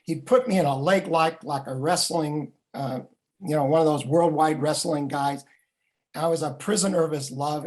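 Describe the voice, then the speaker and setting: An older man and Jewish educator telling a family story in a vivid, animated way. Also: on the high side. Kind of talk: storytelling talk.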